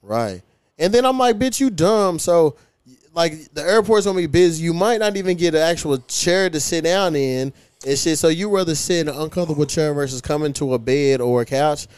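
A man's voice: fairly high pitch, fairly quick, a little mellow, clear, resonant tone, dry recording. A man hosting a podcast, casually and profanely telling stories about his dating life. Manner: profane storytelling, quoting his own retorts. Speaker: podcast host.

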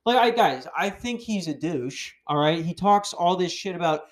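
A man hosting a podcast, ranting casually in a heated, profane, animated way. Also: high-pitched, normal speed, few pauses. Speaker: podcast host.

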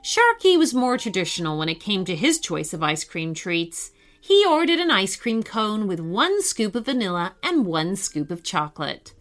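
A woman narrating a children's story in a lively, expressive reading voice. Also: mid-range voice, moderate pace, soft background music.

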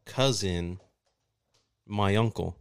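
A man talks loosely and jokes with friends, swearing freely. His voice sits on the low side. It sounds smooth and full. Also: extremely slow. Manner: loose, profane, joking. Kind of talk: casual chat.

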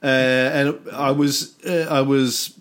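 A man's voice: mid-range voice, little pitch movement, slow pace, a bit bright. Male podcast host, mid-range voice, loose rambling delivery with casual swearing. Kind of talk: casual chat.

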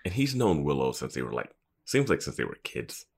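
Very deep-voiced man in casual chat. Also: fairly quick, breathy edge. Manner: relaxed, agreeable, many short affirmations. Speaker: podcast co-host. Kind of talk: casual chat about a TV episode.

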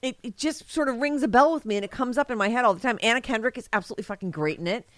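A woman's voice: fairly high pitch, racing, fairly bright tone, no echo. A woman co-hosting a crude comedy podcast, rambling enthusiastically and laughing often. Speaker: podcast co-host. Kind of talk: casual crude comedic chat.

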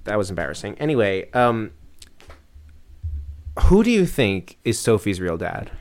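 Young male podcast co-host, animated delivery, casual and chatty, phone mic. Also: lowish voice, a little slow, faint music behind. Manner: chatty, laughs often, lively. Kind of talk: casual chat about a film.

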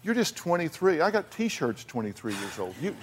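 A man's voice: a little high, sing-song, normal speed, background noise. A man hosting a talk show who counsels his guests bluntly, speaking emphatically, repeating his words and using folksy phrases. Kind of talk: confrontational on-stage counseling.

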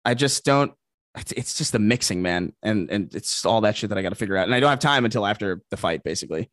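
A man chatting as a podcast guest, excitable and profane, tripping over quick restarts. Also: lowish voice, dry recording, clean studio sound. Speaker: guest content creator. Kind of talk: casual podcast chat.

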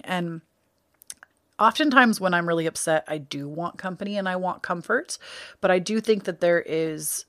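Woman podcaster, lowish pitch, dry close mic, candid and meandering. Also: moderate pace, a bit bright, no room sound. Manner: candid, rambling, self-correcting. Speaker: podcast host. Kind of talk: casual spiritual podcast monologue.

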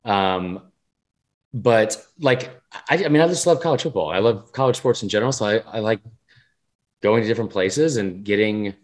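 A man's voice: on the low side, moderate pace. Rambling man telling a story. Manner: rambling storyteller, swears freely, acts out quotes. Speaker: podcast co-host. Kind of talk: casual chat.

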